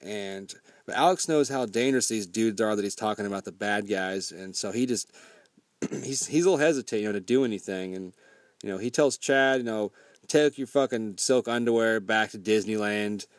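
A man's voice: lowish voice, brisk, dry recording. Laid-back guy cussing his way through a movie recap, dry close sound. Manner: rambling, profane, laid-back.

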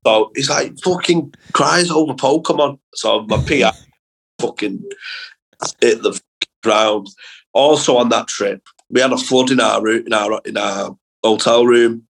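A young man, a comedian guest on a podcast, telling animated school anecdotes in casual chat with plenty of swearing. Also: fairly low pitch, measured pace, gravelly, slight background noise, poor audio.

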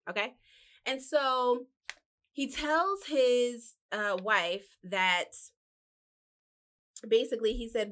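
A woman's voice: mid-range voice, fairly bright tone. A woman telling a Bible story in a loose, chatty monologue filled with fillers and asides, recorded indoors. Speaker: vlogger retelling a Bible story.

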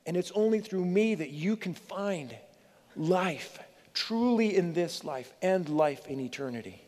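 A middle-aged pastor with a fairly high voice preaches earnestly, pleading with his listeners and leaning on dramatic pauses. His voice rings with the long reverb of a church hall. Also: darkish tone. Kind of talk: sermon.

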